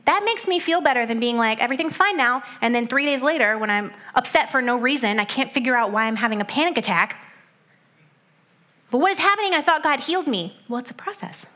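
Lively, conversational woman preaching. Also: on the high side, fast, hardly any pauses. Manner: conversational, animated asides, soft hushed stretches. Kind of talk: sermon.

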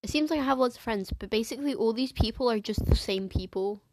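A teenage girl from England rambles through a casual solo podcast, full of fillers, restarts and self-interruptions. She talks fast in a slightly high, a little mellow voice, and the recording is dry.

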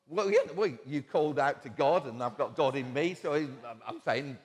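Guy giving a sermon, chatty storyteller, slightly higher voice, long hall echo. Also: very animated, moderate pace, hardly any pauses. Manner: conversational storytelling with quoted asides and chuckles. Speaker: preacher. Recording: long church-hall reverb.

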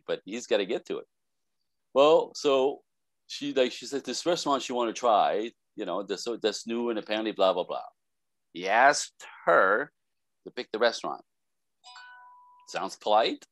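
A man speaking as a relationship expert guest in a casual podcast conversation, telling animated stories and acting out the voices of people he quotes. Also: on the low side, dry recording.

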